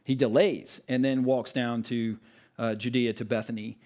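A man giving a casual sermon to a live audience, retelling scripture in a chatty, animated way with asides. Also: mid-range voice, normal speed. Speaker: preacher.

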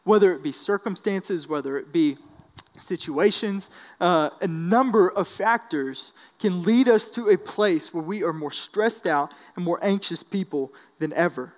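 Man, high voice, casual storytelling sermon, long hall reverb. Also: measured pace. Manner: casual storytelling with many fillers. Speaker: speaker at a church service. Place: large hall with an audience.

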